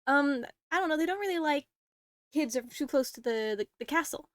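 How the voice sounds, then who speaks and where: A woman's voice: high-pitched, animated, fairly quick, fairly bright tone, no echo, clean studio sound, voice pushed up. A woman voicing a nervous young boy who answers hesitantly and stammers.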